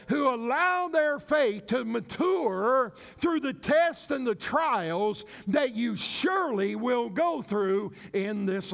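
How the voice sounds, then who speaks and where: Pastor, male, high-pitched, slow and deliberate sermon delivery, acts out quoted cries. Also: fairly bright tone. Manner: preaching with dramatic pauses, acting out quoted cries.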